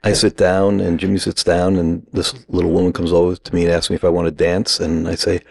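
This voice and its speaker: A middle-aged man from New York, casually telling a lively anecdote and acting out the quoted lines. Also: deep voice, brisk, vocal fry. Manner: animated anecdote-teller, acts out quoted lines. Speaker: guest. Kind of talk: casual storytelling.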